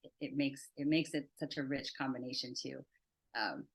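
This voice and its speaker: A woman guest, a psychotherapist and art teacher, speaking in a reflective, soft-spoken way. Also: a bass voice, normal speed, breathy edge. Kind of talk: interview conversation.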